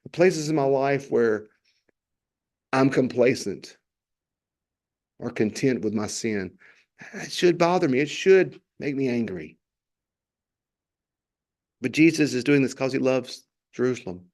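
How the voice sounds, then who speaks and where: A man's voice: medium pitch, animated, unhurried, creaky, pauses often, darkish tone. A male pastor gives an earnest, impassioned devotional reflection on scripture and often repeats phrases for emphasis.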